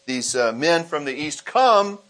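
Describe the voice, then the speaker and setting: Speaking a little slowly in a voice on the high side, a man delivers a sermon as pastor. He reads scripture aloud, explains it, and animatedly performs the quoted voices of the people in the story.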